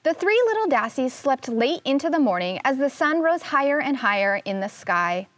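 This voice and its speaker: A first-grade teacher reads a picture book aloud, slow and expressive, pausing to ask the children questions. Her voice is high, and the recording is dry.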